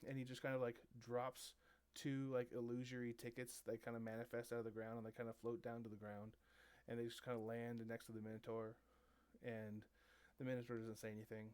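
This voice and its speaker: A man narrating a tabletop game as game master, halting and full of fillers. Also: medium pitch, completely flat delivery, darkish tone, clean tone. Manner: halting, many fillers and restarts.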